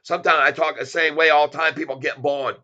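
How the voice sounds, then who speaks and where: A man's voice: on the high side, fairly even intonation, drawn-out words, bright, forceful tone, muffled recording, heavily acted. A man putting on a foreign accent, speaking playful broken English as a stock channel host. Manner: broken English, jokey and teasing.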